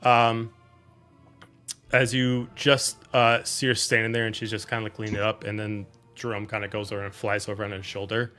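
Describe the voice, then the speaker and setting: A man's voice: on the low side, level tone, normal speed, pushed and bright, soft background music. A man narrating as game master in a loose, filler-heavy way.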